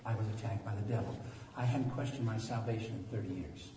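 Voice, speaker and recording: A pastor in his sixties preaching an animated sermon that swings from quiet talk to loud preaching, recorded in a church. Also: lowish voice, fast. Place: church sanctuary. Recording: echoey hall from far off.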